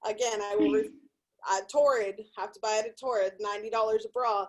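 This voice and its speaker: A woman's voice: medium pitch, steady tone, a little fast, poor audio. A middle-aged woman from California doing crude, profane stand-up comedy from a hotel room. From Sacramento, California.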